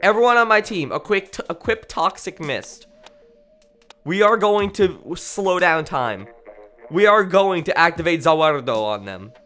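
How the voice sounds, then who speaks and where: A man streaming a game and commentating live, with a bright, forceful tone and a pitch that swings all over the place. He is jokey and excitable, breaking into loud yelps and then dropping to low mumbles. Game music plays faintly behind him. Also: unhurried. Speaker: gaming streamer.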